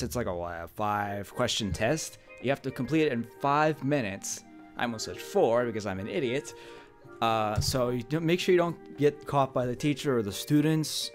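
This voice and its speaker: A man doing let's play commentary, goofy, excitable and self-deprecating. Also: mid-range voice. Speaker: gaming YouTuber.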